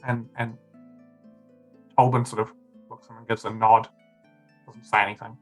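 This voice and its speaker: A man narrating as game master, rambling and loose, with a lot of fillers. His voice sits at a middle pitch, with faint music underneath. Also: moderate pace, long pauses, fairly bright tone, rough recording.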